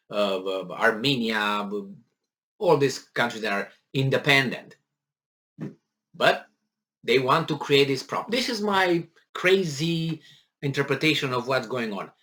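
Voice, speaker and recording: A man's voice: mid-range voice, fairly bright tone. A man giving a solo, opinionated commentary and firing off incredulous rhetorical questions. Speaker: political commentary vlogger.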